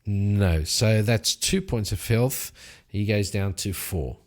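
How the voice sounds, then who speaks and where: A man narrating his solo tabletop role-playing game, telling the fight with lively sound effects. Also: fairly low pitch, takes it slowly. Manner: animated storytelling with sound effects.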